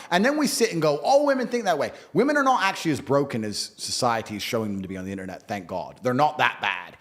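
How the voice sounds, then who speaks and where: A man, a podcast guest, talking bluntly and emphatically in a lecturing way. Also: fairly high pitch. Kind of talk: opinionated podcast talk.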